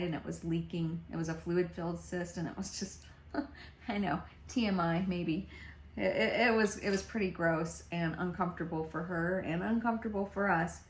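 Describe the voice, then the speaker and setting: A woman's voice: lowish voice, a little hiss or hum. Chatty woman vlogger in a roomy space. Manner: chatty, rambling, with repeated restarts. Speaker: beauty vlogger. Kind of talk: casual makeup vlog chat. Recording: roomy echo.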